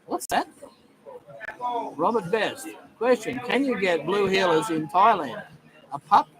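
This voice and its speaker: A man's voice: high voice, expressive, measured pace. A middle-aged Australian man hosting a casual live stream, chatting loosely with many ums and greeting viewers by name. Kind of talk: casual live-stream chat reading comments. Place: busy bar in Thailand. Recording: noisy bar crowd behind. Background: bar crowd chatter.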